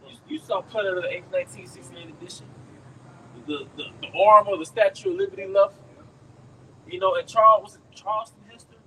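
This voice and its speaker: Loud slangy street preacher outdoors. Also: male voice, sits high, brisk. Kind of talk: outdoor camp teaching. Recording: distant mic, traffic noise outdoors.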